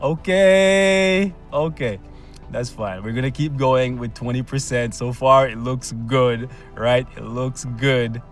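A man hosting gameplay commentary, his voice sitting at an ordinary middle pitch. He chats casually and coaxes the game along with slang and pet names, ready to break into loud cheers. Soft music plays faintly underneath. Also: measured pace, hardly any pauses. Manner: bursts into loud shouts and cheers when excited. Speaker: gaming channel host.

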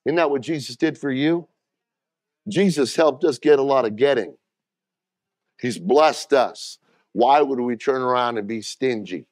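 A man's voice: mid-range voice, unhurried, long pauses, dry recording, clean studio sound. A middle-aged man preaching a sermon as pastor, talking plainly and directly to the congregation and calling for responses.

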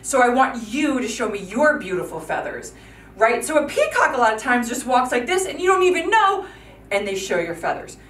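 A woman with a fairly high, sing-song, somewhat bright voice guides a children's yoga class at normal speed, counting the moves and cheerfully encouraging the kids. The audio comes from a distance in an echoey room, with slight background noise.

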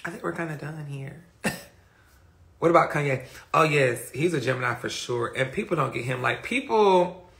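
Male livestreamer, profane and emphatic, talking into a phone. High pitch with fry. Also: normal speed, a bit bright. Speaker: livestreamer answering viewer comments. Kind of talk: casual livestream chat.

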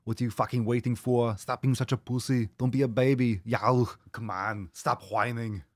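A man doing an impression of a famous muscleman actor, barking slow taunts like a drill sergeant. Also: mid-range voice, fairly even intonation, no echo, studio quality, close to an everyday voice. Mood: taunting. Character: gruff bodybuilder-actor type, bossy motivator man.

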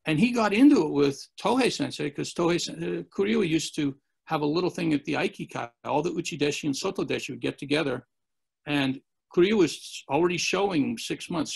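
A gravelly man telling stories as a podcast guest, rambling from one anecdote to the next. His voice sits a little high for a man and has a husky grain, and he slips into the voices of the people he quotes. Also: brisk. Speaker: interview guest. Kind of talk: storytelling in a podcast interview.

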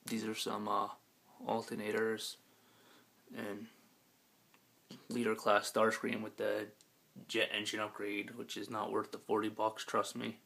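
A man with a deep, heavily gravelly and hoarse voice walks through his collection in a relaxed, rambling way. He speaks slowly and flatly, with plenty of ums and offhand swearing. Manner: laid-back, rambling, with many ums and casual swearing. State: scratchy, hoarse voice. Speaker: collector giving a room tour. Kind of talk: casual collection walkthrough. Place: his room at home.

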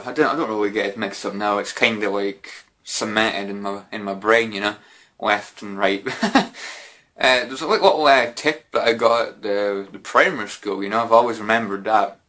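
Chatty man, bright voice. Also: lowish voice. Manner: rambling, lots of "you know" and mild swearing. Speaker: YouTuber answering viewer questions. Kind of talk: casual Q&A chat.

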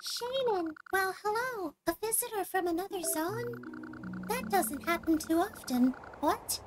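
A woman voicing a cheerful, excitable little flower Pokemon, gushing with emphatic exclamations. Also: very high voice, unhurried, noisy background, pitched above the performer's own voice. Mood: bubbly. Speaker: streamer voicing game text.

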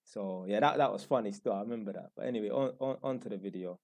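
A man's voice: lowish voice, quick pace, darkish tone, faint music behind. A young man with a London accent telling a rambling, slangy story in a blunt, casual way. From London, England. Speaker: YouTuber.

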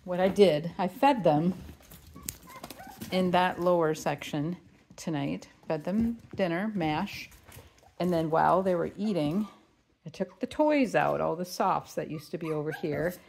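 Gravelly woman dog breeder vlogging. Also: measured pace, darkish tone, slight background noise. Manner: chatty, coos at the puppies in a high baby voice. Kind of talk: casual vlog, showing puppies. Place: indoors at a puppy pen.

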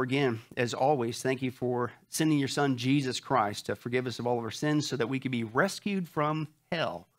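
A man's voice: medium pitch, fairly bright tone. A male pastor giving church announcements and an opening prayer, upbeat and joking, often saying "that's right". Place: church sanctuary before a live congregation.

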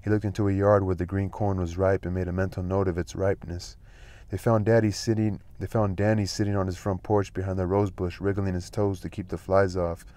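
A man reading a novel aloud at a steady, unhurried pace, with occasional slips and restarts. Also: deep voice, dry recording. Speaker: audiobook reader.

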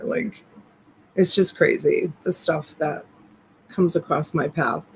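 A woman hosts a late-night live stream from home, talking slowly and easily and greeting her viewers one by one. She keeps her voice hushed, close to a half-whisper. A faint hiss sits under her voice on the desk mic. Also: sits low, low-quality recording. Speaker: live-stream reseller host. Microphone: USB desk mic.

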